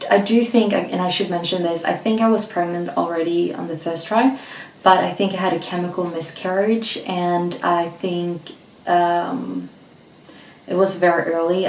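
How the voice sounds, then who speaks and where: Swedish girl vlogging, kinda breathless, rambly, raspy low voice, echoey room, mic a bit far. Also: a little mellow, slight background noise. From Sweden. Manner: rambling, frequent restarts and fillers. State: slightly out of breath. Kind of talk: casual pregnancy vlog.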